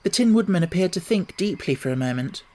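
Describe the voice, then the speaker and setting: A man narrating an audiobook with a steady, measured storytelling delivery. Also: sits high. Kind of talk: scripted narration.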